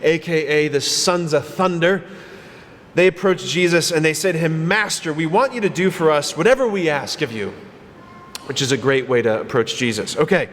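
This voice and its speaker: A priest delivers a sermon in a church, his voice sitting a little high. He tells the story with animation and slips into the voices of the people he quotes. Long reverb and faint room ambience hang around him. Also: moderate pace, fairly bright tone, slight background noise.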